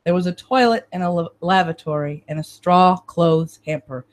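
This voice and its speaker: A woman hosting a live stream, reading a novel aloud in steady, measured first-person narration. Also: on the low side. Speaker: reader and stream host.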